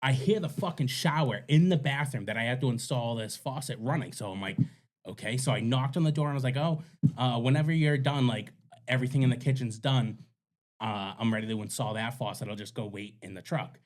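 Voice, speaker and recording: A man's voice: medium pitch, a little fast. Crude, laughing man telling a story. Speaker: podcast co-host. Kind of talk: casual storytelling.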